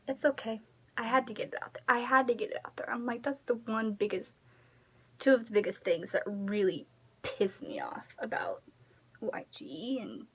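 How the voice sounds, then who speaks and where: A woman's voice: on the high side, normal speed, breathy edge. A woman ranting casually to her phone camera at home. She is emphatic and rambling, and drops to a near-whisper as she trails off. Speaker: vlogger.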